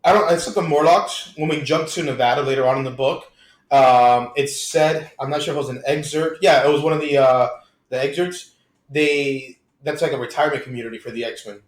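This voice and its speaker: A man's voice: medium pitch, a little fast. A man co-hosting a casual podcast chat, recapping comic book plots in upbeat detail. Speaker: podcast co-host. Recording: echoey room.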